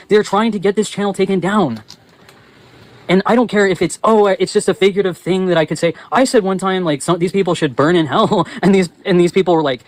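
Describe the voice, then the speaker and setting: A man hosting his channel, ranting angrily with heavy swearing and breaking into yells, talking to viewers as he walks. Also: sits high, a little fast, no room sound, low-quality recording. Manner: angry, profane, yelling at times; talks while walking. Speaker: channel host. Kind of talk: ranting livestream monologue.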